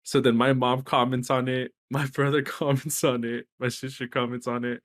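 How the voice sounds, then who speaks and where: A young man from Texas, co-hosting a casual podcast chat and telling a story in an animated way, swearing freely. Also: medium pitch, moderate pace. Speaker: podcast co-host.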